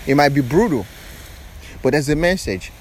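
A man speaks outdoors on a beach, delivering a preachy spiritual talk in a voice a touch higher than most men. He keeps circling back with repeated rhetorical questions. A faint hum of boats carries in the background. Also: animated, normal speed. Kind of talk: motivational spiritual monologue.

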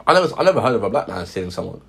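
Lively young man with a low voice. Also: very fast, creaky, breathy edge. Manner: animated, slangy, laughs often. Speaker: podcast co-host. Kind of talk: casual chat.

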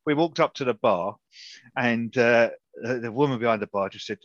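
A man's voice: medium pitch, fairly quick, no echo, highs cut off. Rambling man telling stories. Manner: rambling storyteller, many restarts and chuckles. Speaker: podcast host, interviewer. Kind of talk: casual anecdotal chat.

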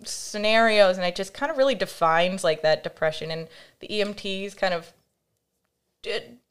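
A woman's voice: medium pitch, normal speed, smooth. Woman guest telling a candid story. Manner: animated, acts out quoted voices, frequent fillers. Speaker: podcast guest.

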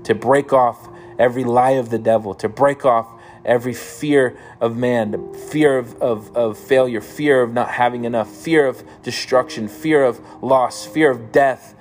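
A man's voice: medium pitch, fairly even intonation, measured pace, darkish tone. A man praying fervently over guitar music. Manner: reads psalms aloud then prays fervently. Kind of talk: scripture reading and prayer. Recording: music playing behind the voice.

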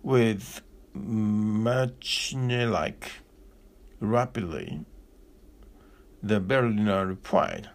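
A man giving a slow, deliberate philosophical discourse with long pauses, like a spiritual teacher. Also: lowish voice, lively intonation, vocal fry.

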